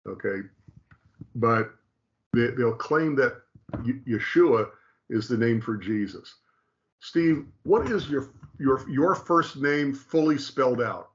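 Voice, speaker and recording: A man's voice: mid-range voice, lively intonation, slow, lo-fi sound. A man teaching in a conversational way, emphatic and repetitive, often checking in with "okay?". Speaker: teacher explaining Hebrew.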